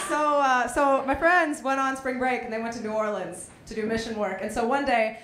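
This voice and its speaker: Young woman doing stand-up, echoey room. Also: on the high side. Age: young adult. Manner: animated storytelling with quick voiced asides. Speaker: stand-up comedian. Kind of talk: stand-up comedy set. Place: small college comedy venue. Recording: echoey room with faint noise.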